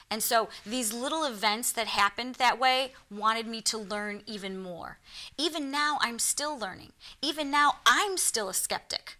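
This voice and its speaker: Speaking at a moderate pace in a fairly high, sharp voice, this Michigan-accented woman appears as a TV talk show guest. A psychic medium, she recounts her experiences with sincerity and performs the voices of the people she quotes.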